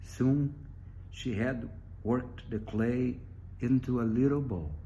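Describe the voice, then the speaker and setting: A man telling a traditional animal story for children, reading expressively with dramatic pauses. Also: mid-range voice, mellow, a little hiss or hum.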